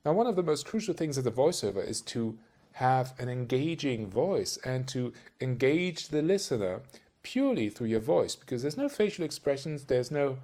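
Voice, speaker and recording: A man's voice: mid-range voice, darkish tone. A man talks to camera as a voice-over coach, chatty and a little rambling. He keeps turning to the listener with little questions. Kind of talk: casual talk-to-camera tutorial.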